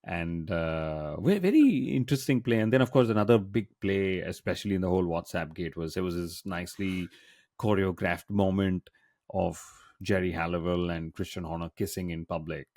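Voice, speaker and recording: Deep-voiced man hosting a chatty podcast. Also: moderate pace, darkish tone, dry recording, studio quality. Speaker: podcast host. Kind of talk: casual podcast chat.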